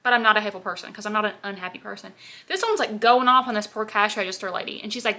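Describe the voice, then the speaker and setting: A woman's voice: medium pitch, animated, rapid-fire, bright, forceful tone. A woman in her twenties, a beauty vlogger rambling through a casual get-ready-with-me chat, full of "like" fillers. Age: 20s. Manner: chatty, rambling, filler-heavy with constant "like".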